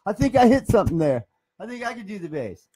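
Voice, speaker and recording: A man voicing Floyd, a high-pitched puppet sidekick who shouts with excitement. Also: quick pace, breathy edge, heavily acted. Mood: excited.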